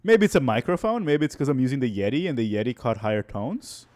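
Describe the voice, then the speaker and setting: A man's voice: medium pitch, big pitch swings, quick pace, a little mellow. A man streaming casually, reacting to old clips of himself, exasperated and swearing. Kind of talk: casual livestream chat.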